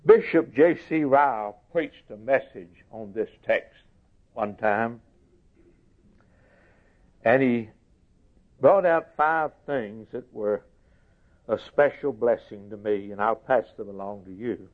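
A man preaching a sermon slowly and emphatically, lifting his voice for quoted scripture. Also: mid-range voice. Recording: tinny phone-like recording.

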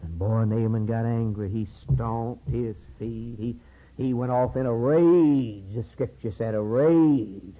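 A man preaching a sermon in a repetitive cadence, swinging between low murmurs and high, urgent cries. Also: takes it slowly. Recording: dull lo-fi sermon recording.

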